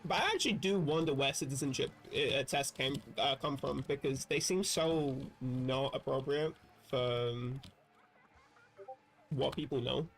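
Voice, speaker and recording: Gravelly man rambling on stream. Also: medium pitch, a little slow, a bit bright. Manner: rambling, self-interrupting, wry. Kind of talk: casual chat while gaming on a livestream.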